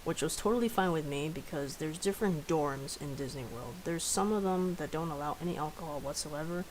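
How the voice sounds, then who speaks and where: A woman's voice: deep voice, a little fast, slight background noise, poor audio. A young woman telling stories casually on a live stream, chatty and profane, laughing often.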